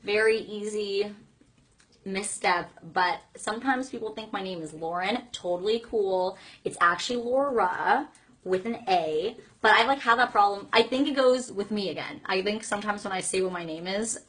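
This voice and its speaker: A woman's voice: medium pitch, normal speed, a bit bright, slightly rough. A young woman hosting a casual live stream chat, reading fan comments aloud in a bubbly, giggly, gushing way with lots of "like" fillers.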